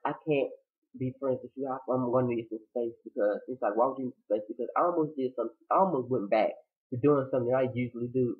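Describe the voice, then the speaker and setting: A man recapping a TV episode in a casual, slangy, profane way, acting out the characters' lines with lively shifts in his voice. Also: on the high side. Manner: animated, acts out characters' quotes. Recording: tinny phone-like sound.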